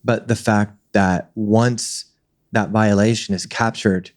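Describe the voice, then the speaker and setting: A male interview host with a somewhat low voice. He asks long, earnest, meandering questions and leads the guest gently into her story. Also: fairly even intonation, slow.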